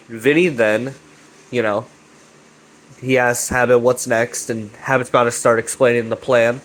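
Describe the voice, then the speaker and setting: A man's voice: mid-range voice, fairly even intonation, measured pace, fairly bright tone, poor audio. A man recapping a web series in a casual rambling way, swearing often and leaning on fillers like "you know" and "right". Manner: profane, filler-heavy, chummy.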